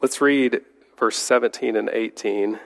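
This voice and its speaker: A man leading a Bible study, reading scripture aloud and explaining it in an unhurried way, correcting his own slips as he goes. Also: medium pitch, steady tone, vocal fry. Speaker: Bible teacher. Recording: long hall reverb.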